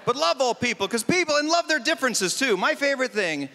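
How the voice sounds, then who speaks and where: A man doing a stand-up comedy set on a festival stage, animated and punchy with mock exasperation. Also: very high voice, a little fast, in a large hall.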